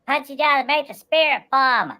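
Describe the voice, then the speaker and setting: A woman's voice: high-pitched, moderate pace, pushed and bright, voice pushed up. A woman voicing a dim, sweet-loving pet who talks about itself in the third person, in a raised, childlike voice. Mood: earnest. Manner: childlike, refers to itself by name.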